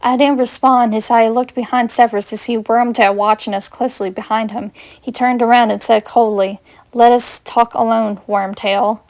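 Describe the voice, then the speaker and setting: A woman's voice: fairly high pitch, level tone, fairly quick, hardly any pauses, darkish tone. A woman reading her own first-person fanfiction aloud in an earnest storytelling way. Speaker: fanfiction reader.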